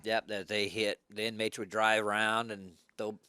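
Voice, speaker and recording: A man's voice: fairly low pitch, level tone, moderate pace, sharp tone, clear, resonant tone, dry recording, clean studio sound. A man who worked in private prisons, chatting casually as a guest, profane, often chiming in to agree. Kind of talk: casual chat.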